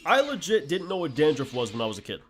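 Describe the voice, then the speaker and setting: Guy streaming games, talks blunt and animated, kinda high voice, bit of music in the background. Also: quick pace. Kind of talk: casual gameplay commentary.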